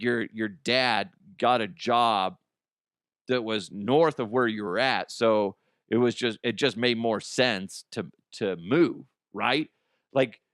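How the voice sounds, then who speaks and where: A man's voice: mid-range voice, clear, resonant tone, dry recording, clean studio sound. A man hosting a comedy podcast, reading out listener ghost stories and riffing on them with frequent laughter and swearing. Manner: excitable, laughs often, swears freely. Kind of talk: comic commentary on listener stories.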